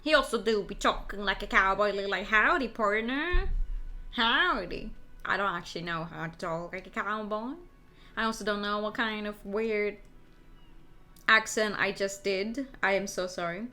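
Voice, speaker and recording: A young woman streaming a game, chatting in an animated, joking way with quick asides. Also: medium pitch, soft background music. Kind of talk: casual game stream chat.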